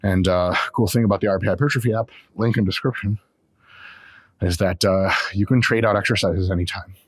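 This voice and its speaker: A man's voice: deep voice, steady tone, a little fast, slightly rough, no echo. A man hosting a fitness vlog, chatting casually between sets in a gym, profane, joking and rambling. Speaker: fitness channel host.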